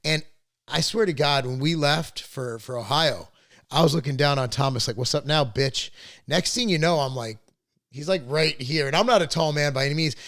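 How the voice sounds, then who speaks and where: A man's voice: fairly high pitch, moderate pace, fairly bright tone, no room sound. A middle-aged man hosting a podcast, telling family stories in a rambling, profane, casual way. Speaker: podcast host. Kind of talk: casual chat.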